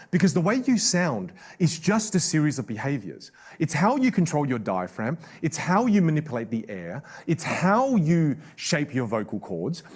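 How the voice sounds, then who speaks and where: A man from Australia, a public speaking coach leading a live online class in an emphatic, energetic way. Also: medium pitch, slightly rough.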